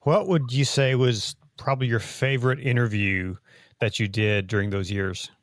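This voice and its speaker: A male host interviewing a guest, asking relaxed questions and reacting with short laughs. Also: medium pitch, moderate pace. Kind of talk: podcast interview.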